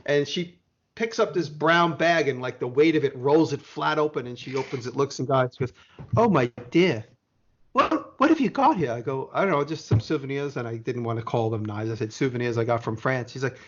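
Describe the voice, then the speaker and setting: A man's voice: medium pitch, steady tone, fairly quick. An American man telling a long rambling story in casual podcast chat, swearing now and then, with dull lo-fi sound. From United States. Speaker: podcast guest.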